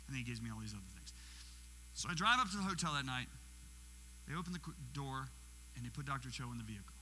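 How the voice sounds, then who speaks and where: A man's voice: mid-range voice, animated, fast talker, long pauses, sharp tone. A man in his sixties, a guest preacher giving a sermon, telling stories, acting out what people said and putting questions to the audience. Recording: reverberant hall with faint mains hum.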